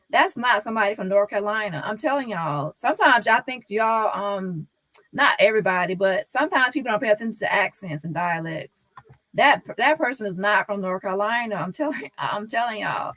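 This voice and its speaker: A woman's voice: mid-range voice, a bit bright, no room sound. A woman on a live stream talking casually and insistently to her viewers, repeating her points.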